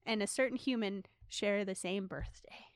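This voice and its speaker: A woman's voice: mid-range voice, moderate pace, no room sound, clean studio sound. A woman co-hosting a podcast, chatting easily and laughing often. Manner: easygoing, laughs often, reads things aloud. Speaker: podcast co-host. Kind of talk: casual chat.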